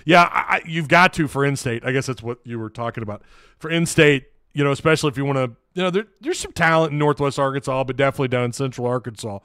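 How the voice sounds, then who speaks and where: Dude rambling thru a sports livestream, smooth clear voice, dry sound. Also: male voice, mid-range voice, fast talker, bright, forceful tone, no echo. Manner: rambling, chatty, lots of restarts. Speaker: host. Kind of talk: live sports talk show, reading chat.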